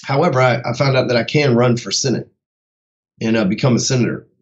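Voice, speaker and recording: A man's voice: mid-range voice, fast, highs cut off. A man who coaches sales, giving a casual motivational talk in a blunt, heavily profane way.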